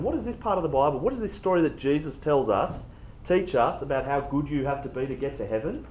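A man's voice: fairly high pitch, lively intonation, quick pace, darkish tone. A man preaching a sermon in an emphatic, conversational way. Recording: echoey, dull room recording.

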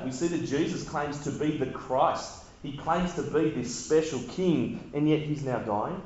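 A man preaching a sermon, retelling the scene with dramatic repetition and emphasis. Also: on the high side. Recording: very echoey, dull lo-fi sound.

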